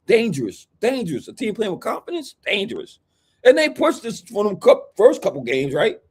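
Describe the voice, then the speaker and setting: Hyped man in loud sports banter. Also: sits high, huge pitch swings, moderate pace, husky. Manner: hyped, preachy, swings into shouting impressions. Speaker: podcast co-host, basketball fan. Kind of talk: animated sports chat.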